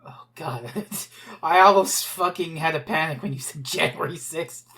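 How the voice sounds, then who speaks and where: A woman's voice: deep voice, moderate pace, sharp tone. A woman hosting a podcast in casual chat, exclamatory and laughing often, with some swearing. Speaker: podcast host.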